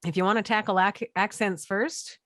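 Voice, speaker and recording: A woman's voice: mid-range voice, fairly even intonation, moderate pace, a bit bright, dry recording, clean studio sound. A woman co-hosting a casual chat show, laughing often and trying out accents. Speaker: co-host.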